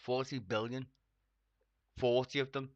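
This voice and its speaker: A foul-mouthed streamer rants over a debate clip from a home computer, swearing nonstop and bursting into loud, exasperated yells. The voice sits in a middle register, and the recording is dry and a little dull. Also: medium pitch, steady tone, measured pace, no room sound. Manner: swearing constantly, ranting with sudden loud outbursts. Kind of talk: angry profane reaction rant.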